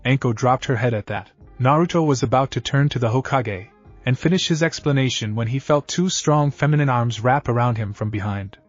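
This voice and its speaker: A man narrating a scripted fan-fiction story in an even, read-aloud manner. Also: mid-range voice, fairly quick, dull audio, soft background music.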